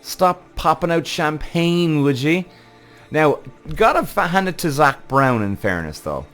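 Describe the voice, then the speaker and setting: A man's voice: fairly high pitch, sing-song, measured pace, fairly bright tone, faint music behind. A man hosting a podcast, ranting heatedly with lots of swearing in casual commentary. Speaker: podcast host.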